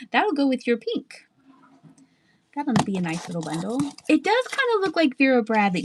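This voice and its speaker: Chatty woman selling on a live stream. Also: on the high side. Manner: chatty, laughs often, thinks aloud; asides and trailing sentences. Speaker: live online seller. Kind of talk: live-stream sales chat.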